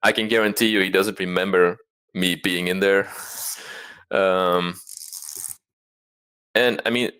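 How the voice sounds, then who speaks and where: A man's voice: deep voice, fairly even intonation, a little slow, long pauses, bright, forceful tone, clear, resonant tone. A man interviewed about his trading past, talking candidly and self-deprecatingly, rambling with frequent restarts. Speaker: interview guest, trader.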